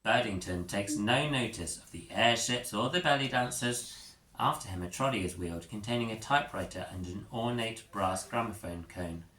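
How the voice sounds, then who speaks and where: Expressive male storyteller with a bright voice. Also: on the low side, normal speed. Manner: expressive, doing character voices. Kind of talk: reading an interactive story aloud. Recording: echoey room with faint noise.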